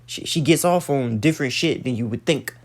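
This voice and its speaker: A man with a mid-range voice talks fairly quickly. As an online commentator reading the news, he delivers a blunt, emphatic, profane casual rant, stumbling and repeating words, swearing often, and getting preachy as he cites scripture.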